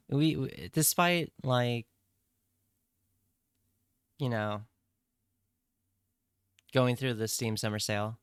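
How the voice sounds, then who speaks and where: A man's voice: medium pitch, drawn-out words, long pauses, clean tone, dry recording, clean studio sound. A young man streaming, chatting casually and playfully with his viewers in a rambling way. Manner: rambling, playful, talks straight to chat. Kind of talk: casual livestream chat.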